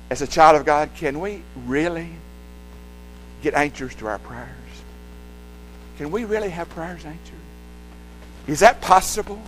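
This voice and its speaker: An older man with grandchildren preaching a sermon, swinging from loud passages to hushed ones and putting repeated questions to the congregation. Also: high voice, slight background noise, low-quality recording.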